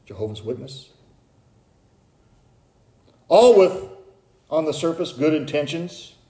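A man preaching a sermon as pastor, building from low, quiet warnings to high, urgent calls. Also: big pitch swings, takes it slowly, roomy sound.

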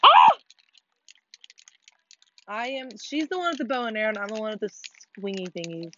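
A teenage girl co-hosting a podcast, chatting casually while playing a video game, excitable, swearing a lot and laughing often. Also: mid-range voice, quick pace, slight background noise. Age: teens. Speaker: podcast co-host. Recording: muffled lo-fi recording.

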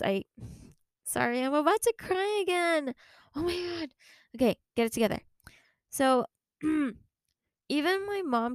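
A young woman from the Philippines, hosting a podcast and telling a personal story in a halting, emotional way with many restarts. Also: a little high, clear, resonant tone, dry recording. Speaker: podcast host.

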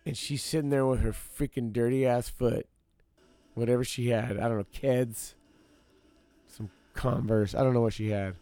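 Hosting his own podcast, this man speaks at normal speed with a medium-pitched, dark voice and fairly even intonation. His story comes out as a casual rant full of repetition for emphasis, aimed straight at his listeners, whom he calls "y'all." The recording is dry.

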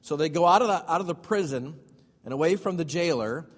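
A man's voice: on the high side, lively intonation, brisk. A male pastor teaching a Bible study sermon. He reads scripture aloud and then explains it in casual asides with questions to the congregation. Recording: long hall reverb.

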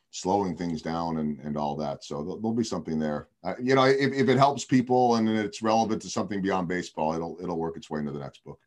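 A man with a very deep, low voice tells anecdotes from his broadcasting career. He talks casually, with plenty of ums and restarts. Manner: anecdotal, warm storytelling with fillers. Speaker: baseball broadcaster and author. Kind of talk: casual storytelling on a video call.

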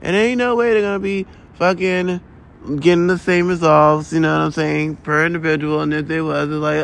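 With vocal fry, a fairly bright tone and a steady, somewhat high voice at a moderate pace, a man hosts a solo podcast. His rambling monologue is a loose, profane, exasperated rant stuffed with asides.

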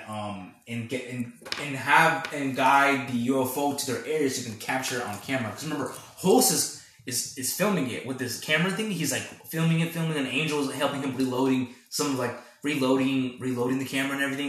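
Animated man chatting in an echoey room. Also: mid-range voice, fairly quick. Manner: animated, laughing often, many fillers. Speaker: podcast host reviewing a film. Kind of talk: casual retelling.

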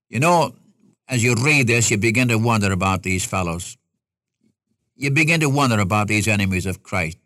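An older man preaching an expository sermon, reading scripture aloud and rising in pitch to stress his points. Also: expressive, moderate pace, a bit bright, no room sound, clean studio sound.

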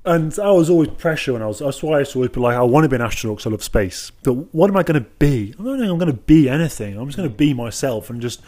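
A man's voice: mid-range voice, animated, very fast, few pauses, darkish tone. A young man from the English Midlands with a Black Country accent, co-hosting a podcast in casual, rambling chat full of jokes and restarts. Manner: joking, rambling, with many fillers and restarts. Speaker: podcast co-host.

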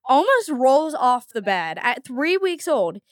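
Young mother telling stories, crisp dry sound. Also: sits high, measured pace, no room sound. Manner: animated storytelling, laughing often. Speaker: podcast co-host. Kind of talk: casual chat.

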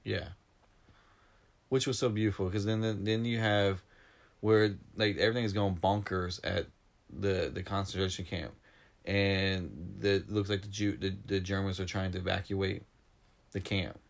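A man with a somewhat low voice retells a film's story in casual chat. He gets animated, his voice jumps up for the big moments, and he sounds close to tears. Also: unhurried, creaky. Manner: animated, emotional storytelling, voice rising when retelling scenes. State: near tears. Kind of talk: casual film discussion.

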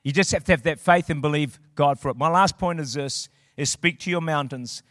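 A man preaching a sermon as a pastor, swinging from quiet storytelling to shouted declarations. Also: fairly high pitch, fairly quick, no room sound, studio quality.

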